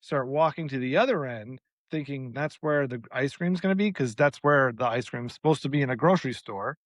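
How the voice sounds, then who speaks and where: A man cohosting a podcast, telling an exasperated, animated story in casual chat with plenty of swearing. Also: medium pitch, a little fast, no room sound. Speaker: podcast co-host.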